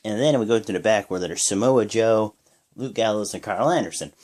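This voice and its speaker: A young man giving a casual, rambling play-by-play recap of a wrestling show, jumping into high yells when he acts out the wrestlers' lines. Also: fairly quick. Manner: rambling with many fillers.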